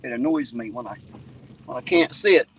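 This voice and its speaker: A man's voice: medium pitch, animated, a little fast, a little hiss or hum, poor audio. A man from southern Ohio with a slight twang, chatting folksy and profane with viewers on a live stream while driving his car. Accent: Southern Ohio, close to Kentucky and West Virginia. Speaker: livestreaming auditor. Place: in a car at night.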